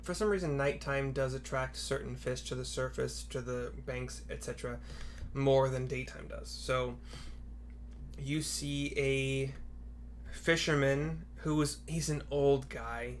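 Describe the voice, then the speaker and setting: A man's voice: medium pitch, unhurried, a little hiss or hum. A man running a tabletop game as game master, narrating casually with fillers. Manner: relaxed, with fillers, breaks into laughs.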